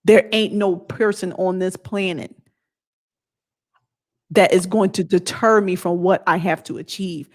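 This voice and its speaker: A woman's voice: on the low side, fairly even intonation, unhurried, pauses often. Blunt woman vlogger, emphatic. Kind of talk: casual motivational talk.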